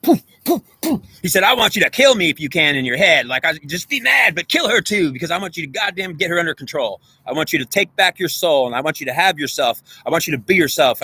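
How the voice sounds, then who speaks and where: Speaking straight to the viewer, this self-styled spiritual speaker preaches and lectures in a profane, repetitive, intense monologue. His voice is a little high with a sharp tone and a breathy edge, and there is no echo.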